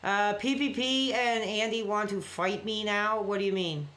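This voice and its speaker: A man's voice: high voice, steady tone, moderate pace, sharp tone. A man chatting casually on a late-night live stream, rambling and apologetic as he reacts to viewer messages.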